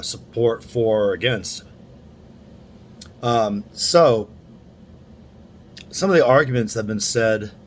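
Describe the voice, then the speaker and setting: A man's voice: on the low side, a little hiss or hum. A young man talking to camera in a casual, rambling monologue, full of restarts and asides. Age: young adult. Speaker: vlogger.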